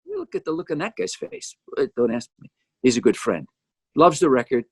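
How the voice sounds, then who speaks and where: A lively older man talks through his music video in a casual, joking way. His voice sits a little high for a man and jumps around a lot. The sound is close and dry, with almost no room in it. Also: a little fast, breathy edge, dry recording. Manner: jokey, animated, teasing asides. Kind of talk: casual commentary. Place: home.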